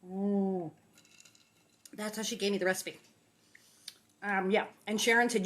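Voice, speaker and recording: A woman's voice: medium pitch, fairly even intonation, moderate pace, pauses often, fairly bright tone. A woman hosting a casual home cooking demo in her kitchen, chatty and playful, exclaiming often. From Los Angeles. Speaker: cooking show host.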